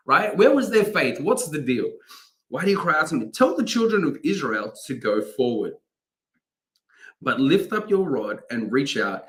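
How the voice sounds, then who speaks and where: A man's voice: medium pitch, fairly bright tone. A man, a chaplain, giving an informal daily devotional talk, reading scripture and breaking off with self-corrections and asides.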